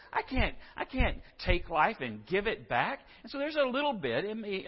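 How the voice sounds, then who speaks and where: A man's voice: fairly high pitch, slightly rough. A man from Texas, preaching a sermon to his congregation and acting out the scripture's figures as he tells the story. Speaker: pastor. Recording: muffled sound in a reverberant church hall.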